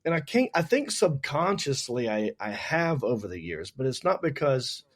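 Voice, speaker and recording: A man's voice: mid-range voice, normal speed. A man from North Carolina with a Southern US accent, a comedian telling stories in a casual chat and acting out what others said. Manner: animated storyteller, acts out others' lines. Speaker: comedian guest.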